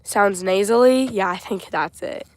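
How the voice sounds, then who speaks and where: A young woman with an Arkansas Southern accent and a raspy voice, chatting on a farm livestream and reading viewer comments aloud. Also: mid-range voice, a little slow, a little mellow, no echo. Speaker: co-host, daughter. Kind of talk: casual livestream chat. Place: outdoors on a farm.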